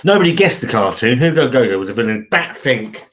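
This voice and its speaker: A man's voice: medium pitch, sing-song, fairly quick. A man, chatting casually and rambling on a live stream, swearing freely. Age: 40s.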